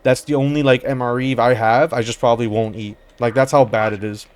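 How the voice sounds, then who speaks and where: A gamer and commentator rambles casually while playing, jumping between stories and reactions in slangy, profane talk and calling listeners "brother." His voice is mid-range and steady in tone, going a little fast.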